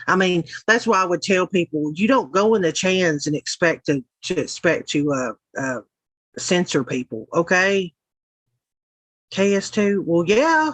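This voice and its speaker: A woman's voice: lowish voice, animated, measured pace, no room sound, poor audio. Rambling, cussing Southern woman streamer. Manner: rambling and profane, laughing as she goes. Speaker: livestream host. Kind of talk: casual chat reading live comments.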